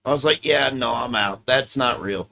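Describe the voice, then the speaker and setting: A man's voice: medium pitch, normal speed, sharp tone. A man streaming casually, reacting to clips with offhand, profane commentary.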